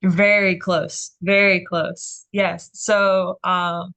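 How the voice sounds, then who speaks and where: A woman tutor leads a Greek reading session, speaking slowly and with plenty of fillers. She talks in an encouraging way, reassuring students as they try words aloud. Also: on the low side, flat delivery, pushed and bright. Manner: encouraging, unhurried, with frequent fillers.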